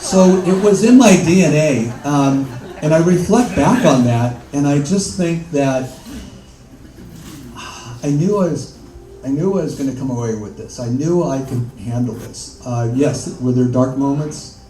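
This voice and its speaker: An older man, an interview guest, telling his story in a halting way with many fillers and laughs. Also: on the high side, mellow. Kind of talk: conversational storytelling. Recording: echoey room, mic far off, faint noise.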